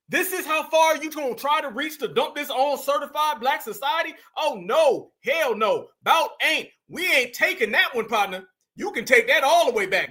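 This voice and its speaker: A man's voice: very high voice, pushed and bright. A man hosting a commentary show, talking emphatically in slangy, preacher-like bursts. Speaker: commentary host. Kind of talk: reaction commentary.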